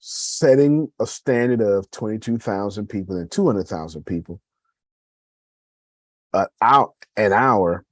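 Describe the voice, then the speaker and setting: A man's voice: fairly low pitch, no echo. A man running a casual motivational talk about his business, speaking straight to listeners and rambling through his points. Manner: conversational, addresses listeners as y'all, rambling with restarts.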